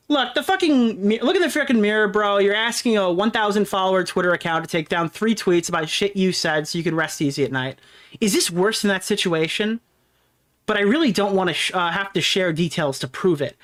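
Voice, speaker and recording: A man's voice: high-pitched, a bit bright, smooth. A man in a played clip giving a defensive monologue. He sounds aggrieved and argumentative, stopping often on fillers.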